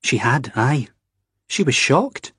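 A man voicing an anxious, earnest young Scottish man who talks in a halting, hesitant way, with a Scottish accent. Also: medium pitch, sing-song, bright, forceful tone, breathy edge, dry recording, studio quality, voice pushed up, exaggerated voice. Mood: embarrassed, halting. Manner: hesitant, halting, drawn-out reasoning.

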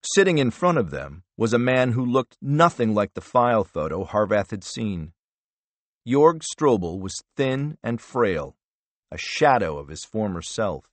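A man narrating a thriller audiobook in a measured, low-key manner. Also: sing-song, no echo. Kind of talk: scripted narration.

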